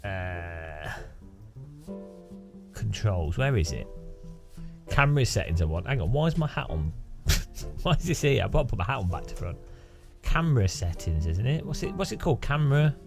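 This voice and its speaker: A man's voice: fairly low pitch, sing-song, normal speed, creaky, pauses often, over music. A man streaming a game, rambling and joking with his chat in a self-mocking way. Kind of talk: casual live stream chat while gaming.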